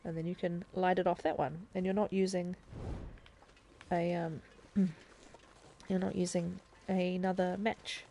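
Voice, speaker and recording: A woman talking casually into a desk mic on a live game stream, walking viewers through each step and thinking aloud as she goes. Her voice sits a little low and sounds mellow, with a faint hiss of room ambience behind it. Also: level tone, unhurried, long pauses. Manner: chatty and explanatory, thinking aloud as she plays.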